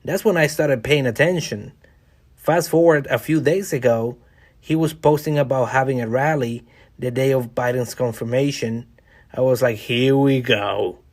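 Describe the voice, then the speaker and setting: A man's voice: medium pitch, normal speed, a little mellow. Wry, chatty male podcast host. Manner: conversational, wry, addresses listeners directly. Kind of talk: casual solo podcast monologue.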